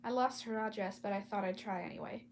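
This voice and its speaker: A woman's voice: medium pitch, fast talker, darkish tone, slight background noise, natural voice. Woman reading as a nervous young girl. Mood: evasive.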